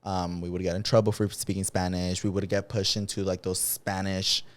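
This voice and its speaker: A man's voice: low-pitched, flat delivery, moderate pace. A man co-hosting a podcast in casual chat. He talks loosely and swears freely. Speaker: podcast co-host.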